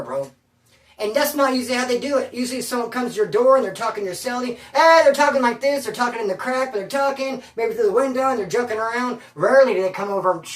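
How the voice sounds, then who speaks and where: Man, street-slang storytelling, emphatic, echoey room, distant mic. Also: high voice. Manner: street slang, emphatic, addresses listener as bro. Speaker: former prisoner telling his story. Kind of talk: casual first-person storytelling. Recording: roomy sound, away from the mic.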